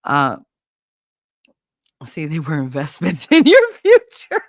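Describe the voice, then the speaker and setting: A woman's voice: sits low, wildly swooping pitch, slow, dry recording, clean studio sound. Profane, wisecracking woman live-streamer. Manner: profane, wisecracking, acts out quotes in big voices. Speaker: livestream host. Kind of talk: casual chat with viewers.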